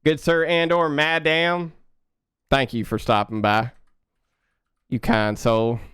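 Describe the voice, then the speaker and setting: A young man chatting casually with his viewers while coding on a live stream, relaxed and quick to laugh. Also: medium pitch, clear, resonant tone, dry recording, studio quality. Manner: laid-back, chatty, laughs often, talks to chat.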